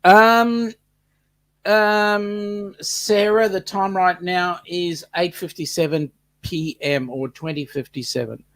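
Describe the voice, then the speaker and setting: A man's voice: high-pitched, steady tone, fairly bright tone, no echo. A man, co-hosting a casual live chat, joking and stumbling through lots of ums. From New Zealand. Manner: joking, halting, full of ums. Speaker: co-host.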